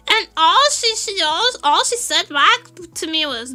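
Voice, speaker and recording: High bright-voiced young woman streamer. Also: measured pace, pauses often, faint music behind. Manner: laughs often, animated storytelling. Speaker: vtuber streamer. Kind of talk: casual chat.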